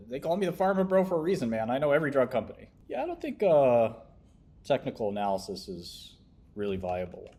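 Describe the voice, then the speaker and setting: A young man talking through stock picks on a casual livestream, dropping sardonic, deadpan remarks. His voice sits low and mellow. Faint keyboard typing runs underneath. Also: slight background noise. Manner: offhand and sardonic, with deadpan asides. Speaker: stock-review streamer.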